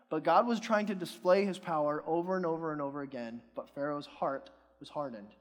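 Guy from pennsylvania preaching in church, kinda high voice, swings loud and soft, big echoey hall. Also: a little fast, hardly any pauses. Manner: animated, rising and falling in loudness, asks the congregation questions. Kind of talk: sermon. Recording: long hall reverb.

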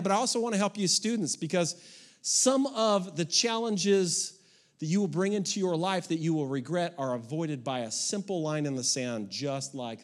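A middle-aged man preaching a sermon, in a folksy, emphatic way. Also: high voice. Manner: folksy and emphatic, with rising and falling intensity. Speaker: pastor.

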